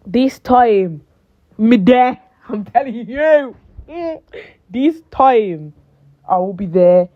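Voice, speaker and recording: A woman in her late teens chatting casually to camera, animated and rambling with lots of fillers. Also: on the low side. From United Kingdom. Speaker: vlogger. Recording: phone-like thin sound.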